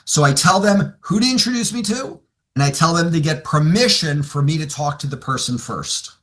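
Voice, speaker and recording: A bright, high-pitched man with a lively, swinging delivery, coaching a room on winning client referrals. He tells stories and slips into quick back-and-forth dialogue, playing himself and his clients in turn. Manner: animated storyteller, acts out both sides of client conversations. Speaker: financial advisor sales trainer. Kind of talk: seminar talk with acted dialogue.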